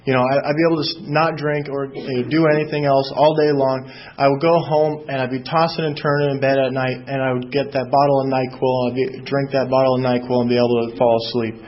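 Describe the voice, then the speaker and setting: Man, recovery talk, halting with fillers and restarts, flat monotone, dull lo-fi sound. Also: mid-range voice. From Southern California. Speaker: AA speaker. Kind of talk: recovery story told to a meeting.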